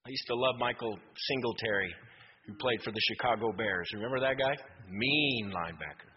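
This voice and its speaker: A man's voice: mid-range voice, a little fast. A man preaching a sermon as a pastor, telling stories and rising to emphatic exhortation. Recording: muffled hall reverb, faint noise.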